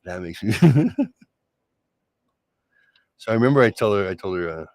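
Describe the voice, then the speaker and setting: A middle-aged man hosting a solo late-night show, talking through love and conflict in a sarcastic, reflective way with many halting restarts. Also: lowish voice, expressive, darkish tone, no echo, clean studio sound. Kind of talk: late-night personal monologue.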